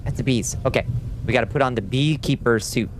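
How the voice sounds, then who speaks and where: A man hosting a livestream, giving excitable, casual gameplay commentary, chatting with viewers and swearing and yelling when frustrated. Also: medium pitch, brisk, a little hiss or hum. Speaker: livestream host.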